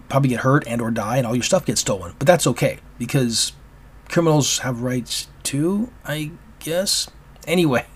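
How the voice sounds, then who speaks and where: A man hosting a solo opinion podcast, talking in a rambling, halting way with many restarts. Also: mid-range voice, slightly rough. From Oregon, US. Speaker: podcast host.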